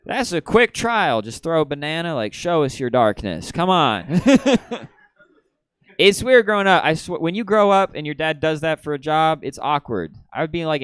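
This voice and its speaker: Male stand-up comic, deadpan delivery with bursts, animated pitch, resonant tone. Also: clean tone, no echo. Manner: deadpan storytelling with sudden excited outbursts. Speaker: stand-up comedian. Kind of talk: stand-up comedy set. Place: comedy theater stage.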